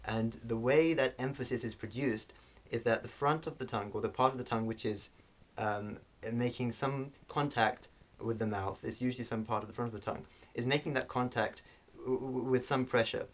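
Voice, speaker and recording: A man teaching a language lesson, explaining sounds slowly with frequent fillers and restarts. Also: mid-range voice, fairly even intonation.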